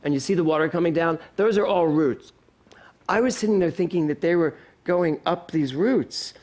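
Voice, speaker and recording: A man preaching from the pulpit, spinning a humorous personal story. His voice sits a little high and he talks with animated, self-deprecating humor, chuckling at himself as he goes. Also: moderate pace. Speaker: pastor. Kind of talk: storytelling sermon. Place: spiritual center sanctuary.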